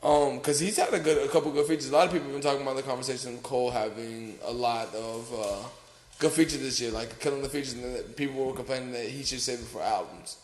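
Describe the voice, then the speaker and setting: A man's voice: mid-range voice, fast, echoey room. A man co-hosting a podcast, chatting casually and profanely about music, often talking over his co-host. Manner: loose, profane, talks over others.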